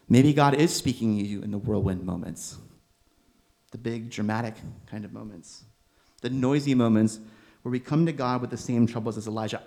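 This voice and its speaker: A young man preaching a sermon in a gentle, conversational way, with bursts of emphatic exasperation. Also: fairly low pitch. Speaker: preacher, seminary student.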